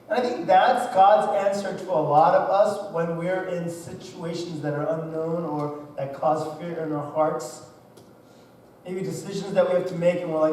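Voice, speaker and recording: A man's voice: a little high, steady tone, normal speed, darkish tone, slight background noise. A man in his thirties preaching a sermon, telling stories in a conversational way and acting out quotes. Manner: conversational storytelling with acted-out quotes. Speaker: pastor. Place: church hall. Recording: distant mic in a very echoey hall.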